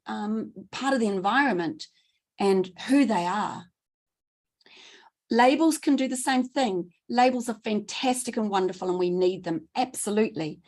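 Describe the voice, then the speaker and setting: A middle-aged woman giving a training talk, enthusiastic and quick, repeating words for emphasis. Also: mid-range voice, darkish tone. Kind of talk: presentation talk.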